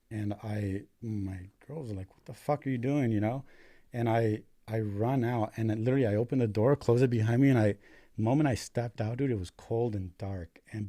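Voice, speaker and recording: Speaking with a fairly low, dark voice, a young American paramedic guest recounts his experiences. His talk is loose and profane, stuffed with fillers like "like" and repeated "dude."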